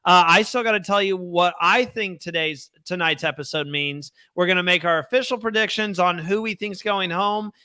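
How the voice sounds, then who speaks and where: A young man co-hosting a fan podcast in casual, animated chat, reading viewer comments aloud. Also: sits high, moderate pace, few pauses, smooth, dry recording, clean studio sound. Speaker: podcast co-host.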